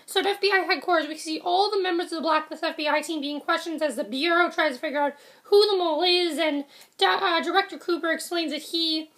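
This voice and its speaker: A young woman casually reviewing a TV episode, rambling with frequent ums, self-corrections and quick apologies. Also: very high-pitched, a bit bright.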